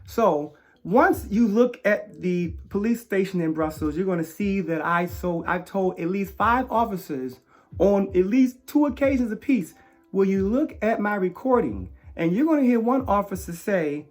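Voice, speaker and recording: A man giving an emotional personal account of an arrest, halting with fillers, dropping to low murmurs then bursting out loud. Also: lively intonation, soft background music. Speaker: interviewee recounting arrest.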